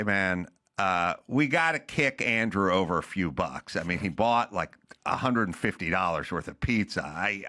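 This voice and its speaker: A man in his sixties hosting a podcast, complaining in an exasperated, animated comic rant with mock outrage. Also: low voice. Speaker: podcast host. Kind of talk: comedic ranting chat.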